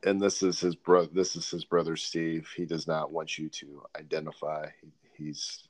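A man co-hosting a podcast in easygoing casual chat, often pausing and restarting. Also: extremely low pitch, level tone, no echo, poor audio. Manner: easygoing, hesitant, many fillers and restarts. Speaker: podcast co-host.

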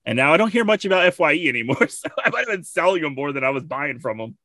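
A man's voice: a little high, lively intonation, fast talker, pushed and bright. A man hosting a podcast in casual chat. He laughs often and reads out strange news headlines. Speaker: podcast host.

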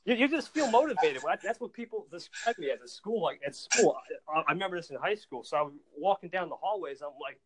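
A young man chatting casually as a guest, excitable and rambling, laughing as he tells stories. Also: high-pitched, a little fast, a crowd in the background, rough recording. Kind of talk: casual chat. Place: outdoors at times.

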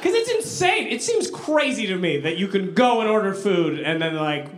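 High-voiced man doing stand-up comedy. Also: moderate pace, hardly any pauses, a little hiss or hum. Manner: animated, acts out voices in his stories. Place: comedy club with a live audience. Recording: echoey room, live audience laughter.

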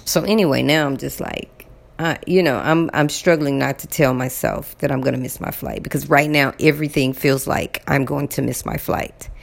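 A woman telling a personal story to her viewers in a casual, animated way, repeating words for emphasis. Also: a bass voice, moderate pace, creaky. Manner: addresses viewers directly.

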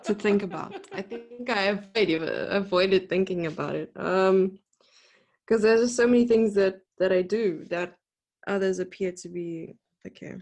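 A woman's voice: mid-range voice, unhurried, darkish tone. Giggly South African woman chatting. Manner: giggly, rambling, self-deprecating. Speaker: chess coach, podcast guest. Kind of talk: casual podcast chat.

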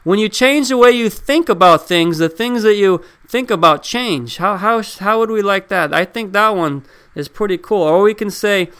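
A man with a high, smooth, resonant voice gives a casual motivational talk. He speaks in a loose, conversational way, asks his listeners questions and repeats key words to hammer his points home. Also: moderate pace, hardly any pauses, a bit bright. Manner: addresses listeners directly with questions. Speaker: self-help speaker.

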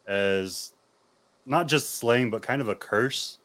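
A man's voice: mid-range voice, takes it slowly, a bit bright. A man with an American accent, a podcast guest, explaining things earnestly in casual conversation.

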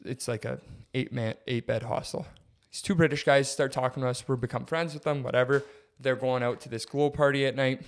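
Young male podcast co-host, casual storyteller, animated, heavy on filler words. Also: medium pitch, fairly quick. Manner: animated, filler-heavy, says "like" and "dude" constantly.

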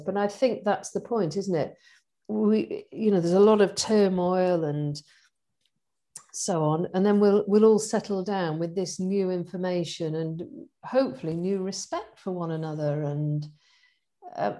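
A middle-aged woman in casual conversation, chatty and animated, laughing often as she talks about her events. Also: on the low side. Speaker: event organizer and guest.

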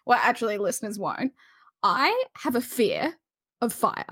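Chatty woman, slightly high voice. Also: big pitch swings, unhurried, a bit bright, husky, dry recording, clean studio sound. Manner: chatty, self-mocking, rambling. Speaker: podcast co-host. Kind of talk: casual chat.

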